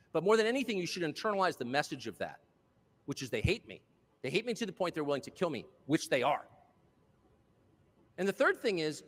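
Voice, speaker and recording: A man's voice: high voice, a bit bright. A man giving a political speech to a live audience, impassioned and sardonic, with mocking asides. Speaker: speaker addressing a live audience. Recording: long hall reverb.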